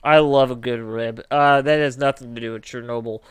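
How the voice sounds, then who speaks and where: A man's voice: mid-range voice, fairly even intonation, brisk, smooth, no echo. A man co-hosting a casual podcast, joking and rambling with playful comparisons. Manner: jokey, rambling, playful analogies. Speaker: podcast co-host.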